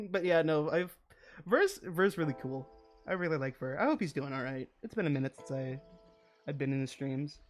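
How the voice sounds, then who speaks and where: A man's voice: fairly high pitch, lively intonation, normal speed, faint music behind. A young man streaming while he builds models, telling a long funny story in casual chat, laughing and swearing often.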